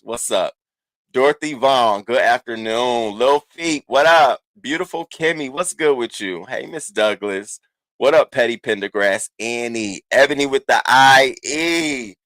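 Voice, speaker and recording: A man's voice: mid-range voice, measured pace, no echo. Guy running a live stream, swears a lot, greets chat by name, aave, dry close sound. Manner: animated, profane, shouting out chat names. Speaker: livestream host. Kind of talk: casual livestream chat.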